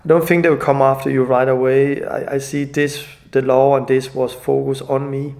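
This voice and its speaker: Gravelly, tearful man, earnest and halting. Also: medium pitch, little pitch movement, a little mellow. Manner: earnest, halting, non-native phrasing. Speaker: evangelist. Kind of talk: emotional personal video message.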